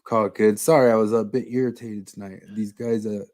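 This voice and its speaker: Male podcast host, low voice, dry close sound, blunt and opinionated. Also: fairly even intonation, fairly quick, darkish tone, no echo. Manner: blunt, opinionated, swears freely. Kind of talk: casual podcast chat.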